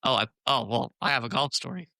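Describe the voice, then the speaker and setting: A man, a podcast guest, talking casually and telling animated stories. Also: mid-range voice, fast talker, dry recording. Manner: chatty storyteller, animated and laughing.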